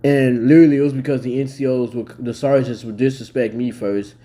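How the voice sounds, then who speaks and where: Blunt, cussing young man with a mellow voice. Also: medium pitch, fairly even intonation, a little fast. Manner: blunt, heavily profane, worked up. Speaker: vlogger reacting to a news story. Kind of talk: casual commentary.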